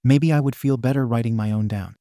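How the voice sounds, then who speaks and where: Male narrator for online story readings: warm, dark tone, dry close sound, steady first-person delivery. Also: mid-range voice, brisk, dry recording. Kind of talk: scripted narration of online posts.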